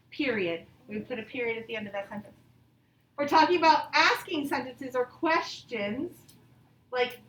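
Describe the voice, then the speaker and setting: A woman teaching a grammar lesson to young children online, reading example sentences slowly and with exaggerated expression. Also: high-pitched, fairly bright tone, slight background noise. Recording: echoey room, voice from a distance.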